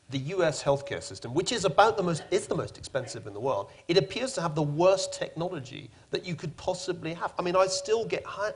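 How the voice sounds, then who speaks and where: Wry, lively man moderating a forum. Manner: wry, lively, rising pitch when emphatic.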